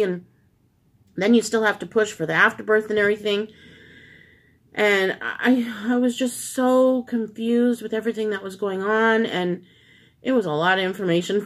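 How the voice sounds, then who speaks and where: A middle-aged woman from Canada, hosting her own channel, telling viewers a personal story in a casual, confiding way while close to tears. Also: medium pitch. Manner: emotional, confiding, addresses viewers as friends. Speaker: vlog host.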